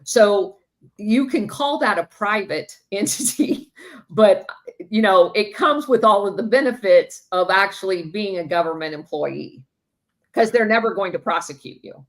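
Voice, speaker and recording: A woman's voice: medium pitch, expressive, measured pace. A woman co-hosting a podcast, chatting casually and adding brief points.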